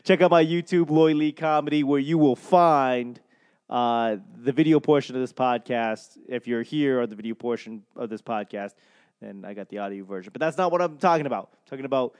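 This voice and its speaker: Man, podcast host, comedian, casual monologue, self-deprecating, profane, middle pitch. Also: brisk, darkish tone, clear, resonant tone, dull audio. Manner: rambling, self-deprecating, swears freely, loses his train of thought. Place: home in Albuquerque.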